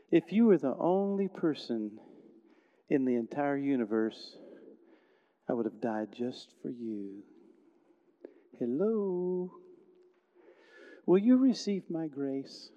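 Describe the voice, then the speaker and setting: A man voicing a gentle, loving grown man who pleads softly in a hushed, coaxing way. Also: on the high side, sing-song, slow, pauses often, lo-fi sound. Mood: tender.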